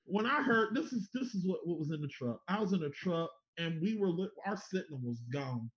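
A man hosting a casual sports podcast, excitable and stammering, swearing often. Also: high voice, fairly quick. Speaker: podcast host. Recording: echoey room, dull lo-fi sound.

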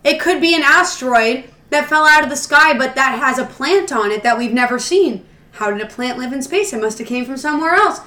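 A woman's voice: high-pitched, brisk, pushed and bright, roomy sound. A woman co-hosting a casual podcast, chatting speculatively with friends and laughing often. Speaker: podcast co-host. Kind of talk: casual chat among friends.

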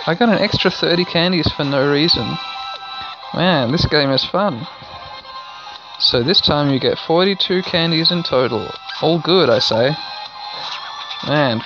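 A man hosting a let's play, rambling excitably through casual game commentary and swearing now and then. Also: mid-range voice, creaky, no room sound. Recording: dull lo-fi recording with game music.

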